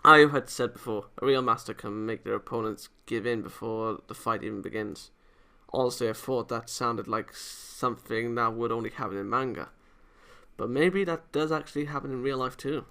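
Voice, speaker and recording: Guy reading game text out loud, bright voice, casual plain delivery. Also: mid-range voice, moderate pace, gravelly, smooth. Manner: reads narration plainly, voices the hero casually. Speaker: YouTuber reading a visual novel aloud.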